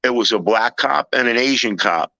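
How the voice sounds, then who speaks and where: A man on a talk panel telling a personal story in a casual, animated way, with many halting restarts and loud acted-out quotes. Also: medium pitch, vocal fry, no echo, highs cut off. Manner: animated, loud when acting out scenes. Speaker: panel guest.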